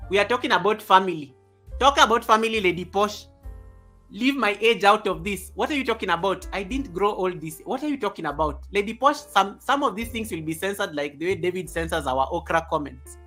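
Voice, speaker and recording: A man hosts a casual live stream from home and reads his viewers' comments aloud with animated, chatty energy, chuckling often. He talks close to a desk microphone, and a little music plays softly behind him. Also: high voice, a little fast. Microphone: USB desk microphone.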